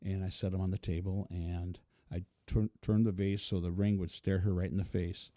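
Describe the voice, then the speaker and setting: A man's voice: sits low, level tone, moderate pace, warm tone, no room sound, clean studio sound. A middle-aged man telling a personal story in an interview, chuckling often and acting out what people said. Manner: chuckling, vivid, acts out quotes. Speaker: interview guest.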